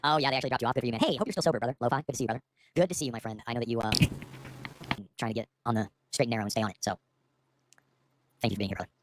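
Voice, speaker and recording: A man's voice: mid-range voice, very fast, long pauses, heavy background noise. A man hosting a casual livestream from home, rambling and playful, often restarting his sentences. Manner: rambling, playful, self-interrupting. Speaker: livestream host.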